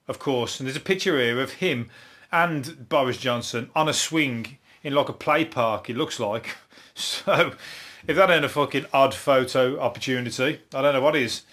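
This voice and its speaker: For his comedy podcast, a Birmingham man with a broad Brummie accent riffs alone on odd news items, rambling, swearing a lot and chuckling at his own lines. His voice sits at an ordinary middle pitch with a fairly bright tone.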